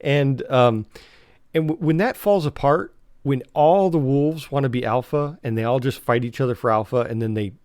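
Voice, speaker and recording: A man hosts a solo podcast, rambling through his notes with lots of ums and restarts. His mid-pitched voice sits in a dry, close room with no echo. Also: moderate pace, a little mellow. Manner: rambling, full of fillers and restarts. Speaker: podcast host. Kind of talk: casual solo podcast talk.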